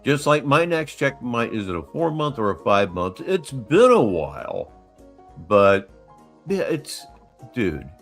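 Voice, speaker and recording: Sarcastic man with a lively, swinging voice. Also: mid-range voice, a little slow, soft background music. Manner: sarcastic, mocking, blunt. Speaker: commentary streamer host. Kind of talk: reaction commentary.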